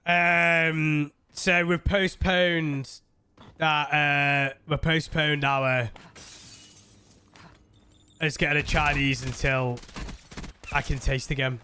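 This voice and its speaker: High bright-voiced streamer. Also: male voice, fairly even intonation, slow, pauses often, smooth. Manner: rambling, laughing storyteller talking to chat. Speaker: game streamer. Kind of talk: casual live-stream chat.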